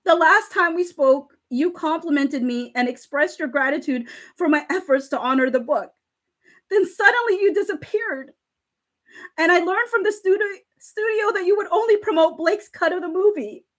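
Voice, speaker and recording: A woman's voice: very high-pitched, normal speed, a bit bright. A woman on a live stream reading text messages aloud and reacting, often laughing and close to tears. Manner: emotional, laughing and near tears while reading. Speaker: livestream commentator. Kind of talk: casual live commentary reading texts aloud.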